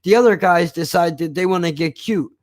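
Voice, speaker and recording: A man recounting a TV show in a casual, profane, animated rant. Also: high-pitched, brisk. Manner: swears constantly, animated storytelling. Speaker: show reviewer.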